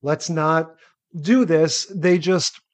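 A man co-hosting a TV podcast in casual chat, measured and analytical. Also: fairly high pitch. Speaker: podcast co-host.

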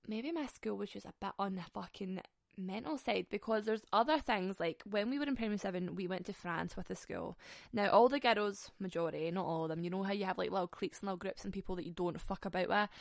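Sweary Scottish woman with a gravelly voice. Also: mid-range voice, no room sound, clean studio sound. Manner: sweary, laughing, animated. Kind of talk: casual storytelling.

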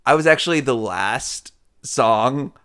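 A man's voice: mid-range voice, animated, slow, a bit bright. Man trading jokey asides in chat. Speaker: podcast co-host. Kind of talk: casual chat.

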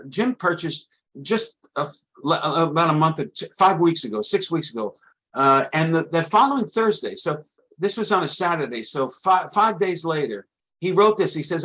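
A middle-aged man, a trading coach, giving a rambling sales pitch for his course and often stammering and restarting. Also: expressive, normal speed, a bit bright, breathy edge, rough recording.

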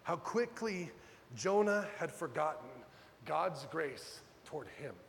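A man preaching a sermon as pastor, dramatic, swinging from loud urgent pleas to hushed low lines. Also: lively intonation, takes it slowly, creaky, long reverb tail, slight background noise.

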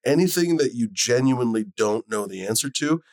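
A man's voice: medium pitch, animated, a little fast, darkish tone, dry recording. A man hosting a podcast, chatting in a loose, joking way and swearing freely. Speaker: podcast host. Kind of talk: casual chat.

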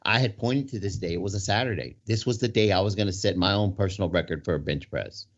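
Male storyteller with a low voice, loose and rambling, heard on dull lo-fi audio. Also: fast. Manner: rambling, full of "right?" and restarts. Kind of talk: casual storytelling in conversation. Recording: dull lo-fi sound.

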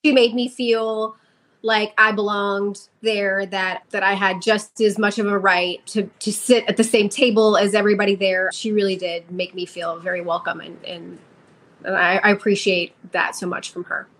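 A young woman speaks as a guest on a casual podcast and tells her story with real emotion. Her voice has a middle pitch and an easy, conversational delivery. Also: little pitch movement, moderate pace, a bit bright. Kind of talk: casual interview.

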